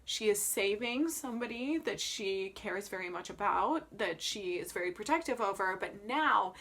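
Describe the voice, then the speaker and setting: A woman chatting casually as an Enneagram coach, animated and emphatic, with playful jokey asides. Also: mid-range voice, normal speed. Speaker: Enneagram coach and opera vlogger. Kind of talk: casual vlog chat.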